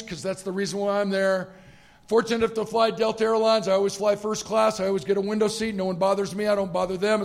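Middle-aged guy on a conference stage, high raspy voice, keynote talk cracking jokes, does little voices for people. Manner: storytelling with comic asides and acted-out quotes. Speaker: keynote speaker. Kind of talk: motivational keynote speech with humorous stories.

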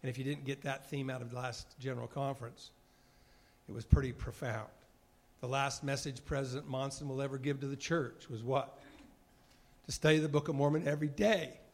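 A man's voice: mid-range voice, steady tone, fairly quick, a little mellow. A man giving an earnest sermon, bearing testimony and acting out short dialogues from his time as a mission president, at moments choked up with emotion. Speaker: former mission president giving a devotional talk.

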